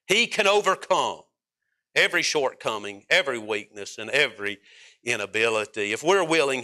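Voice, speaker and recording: A man preaching a sermon in a folksy, emphatic way, rising to loud peaks and dropping to quiet stretches. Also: mid-range voice.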